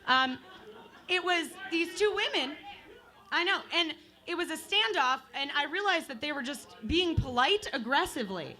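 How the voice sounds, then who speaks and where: A woman's voice: high voice, expressive, moderate pace, pushed and bright. A woman in her twenties from Michigan doing open mic stand-up comedy, chatty and profane, playing with the crowd on a bar stage. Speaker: stand-up comic.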